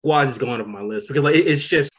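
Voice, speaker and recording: A man hosting a podcast in casual chat, talking in an excitable, rambling way, full of "like" and "you know.". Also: mid-range voice, racing, breathy edge. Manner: rambling, excitable, many fillers. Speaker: podcast host.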